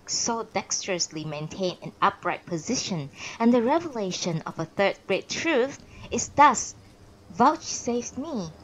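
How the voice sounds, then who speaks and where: Woman narrator for a live-streamed audiobook, expressive, occasional restarts, mid pitch. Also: low-quality recording. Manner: expressive reading with pauses and self-corrections.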